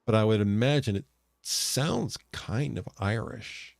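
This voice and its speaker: A man's voice: on the low side, a little slow, creaky, darkish tone, dry recording, clean studio sound. An American man co-hosting a casual podcast chat. He rambles, often correcting himself and restarting his sentences. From United States. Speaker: podcast co-host.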